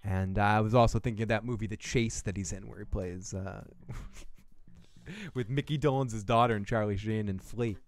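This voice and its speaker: A man's voice: fairly low pitch, normal speed, dry recording. A man with a Boston accent hosting a casual TV recap show, rambling, joking and swearing freely. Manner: profane, rambling, jokey riffing. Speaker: podcast host recapping a TV episode. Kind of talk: casual review chat.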